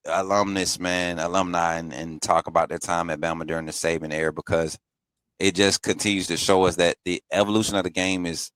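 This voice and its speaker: A man's voice: deep voice, flat delivery, a little fast, a bit bright, clear, resonant tone, dry recording. A man co-hosting a casual sports chat, laid-back and slangy, laughing often. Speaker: podcast co-host.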